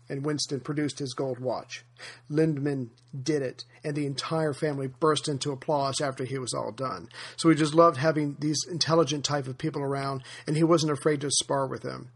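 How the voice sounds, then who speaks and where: A man hosts a history podcast and tells anecdotes in a relaxed, unscripted way, often pausing on fillers. His voice sits a little higher than most men's. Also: slightly rough. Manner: relaxed storytelling with frequent fillers. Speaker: podcast host. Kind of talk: casual history podcast narration.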